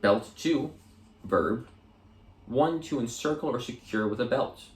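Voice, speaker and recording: A man reading dictionary entries aloud for an audiobook, measured and deliberate, sometimes restarting a word. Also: mid-range voice, expressive, reverberant. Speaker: audiobook reader.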